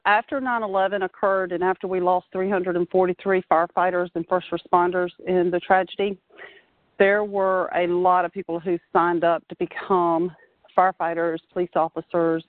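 A woman in her forties, a fire marshal, telling her story in an earnest, steady way while talking on her phone outdoors at a playground. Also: fairly low pitch, dry recording. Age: 40s. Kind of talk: casual phone interview. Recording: dry, tinny phone line.

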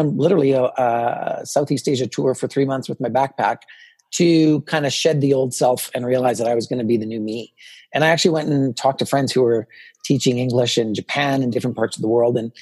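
A man in his fifties, a podcast guest telling personal stories in a lively way and acting out what people said to him. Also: medium pitch, fairly quick, breathy edge. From Canada. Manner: animated storyteller, acts out quoted dialogue. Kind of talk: personal storytelling in a podcast interview.

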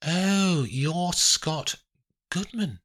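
A man's voice: animated, drawn-out words, a bit bright, heavily acted. A man playing a shrewd, flirty woman lawyer. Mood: probing. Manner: higher put-on female voice, probing. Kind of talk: audiobook character voice.

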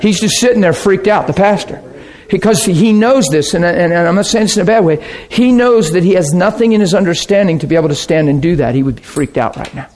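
Animated man preaching a testimony. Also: high voice, quick pace. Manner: animated, laughs often, breaks into sound effects. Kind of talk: sermon storytelling.

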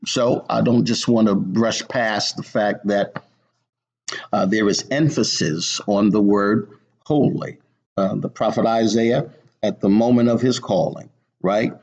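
A man delivers a sermon at a very slow, deliberate pace, leaning on repetition to stress his words. His voice sits a little low, and the recording sounds dull and lo-fi. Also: steady tone, a little mellow. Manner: slow and deliberate, repeats words for emphasis, frequent "uh". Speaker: preacher.

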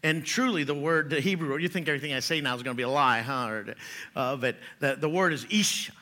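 A man's voice: fairly high pitch, quick pace, pushed and bright. A middle-aged man preaching a sermon, chatty and joking, laughing at his own jokes before turning to scripture. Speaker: pastor.

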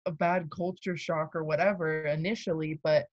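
A woman's voice: deep voice, moderate pace, dry recording. Chatty young woman, dull dry sound. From Douglas, Arizona area. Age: young adult. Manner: chatty, many fillers, animated when mimicking people. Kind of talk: casual chat.

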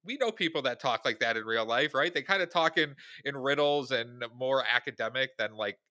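A man co-hosting a casual podcast, talking at an ordinary middle pitch with a bright, forceful tone. The sound is dry and close, with no room around it, and he lays out his views in an easygoing way. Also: animated, moderate pace, no room sound. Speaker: podcast co-host. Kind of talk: casual chat.

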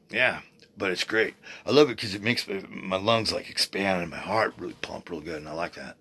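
A man in his sixties hosting a podcast, rambling in a casual, excitable way, swearing freely and often restarting his sentences. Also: sits low. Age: 60s. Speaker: podcast host. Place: at home, seated.

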